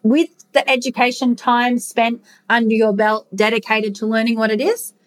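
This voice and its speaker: A woman's voice: a little high, level tone, moderate pace. Frank, swearing woman podcast host. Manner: frank, casual, swears freely; earnest, encouraging to listeners. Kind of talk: personal storytelling monologue.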